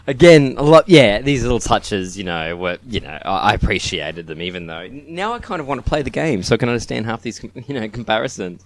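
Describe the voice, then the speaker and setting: A man co-hosting a podcast, chatting casually about a film, rambling and correcting himself with soft laughs. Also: on the low side, very animated, fairly quick, hardly any pauses. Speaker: podcast co-host. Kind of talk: casual film review chat.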